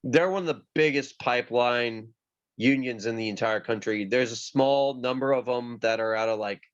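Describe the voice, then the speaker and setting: A man in mid-range voice chatting casually, rambling and stumbling through his stories with plenty of fillers. The recording sounds slightly dull and lo-fi. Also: medium pitch. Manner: rambling, halting storytelling with many fillers. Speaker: union pipefitter guest. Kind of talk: casual chat.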